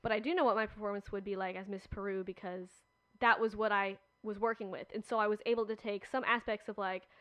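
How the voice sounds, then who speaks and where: A young woman, a podcast guest, telling stories in a chatty, animated way with many fillers. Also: medium pitch, fast, clear, resonant tone, dry recording. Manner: chatty, animated storytelling with frequent "like". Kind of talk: casual chat.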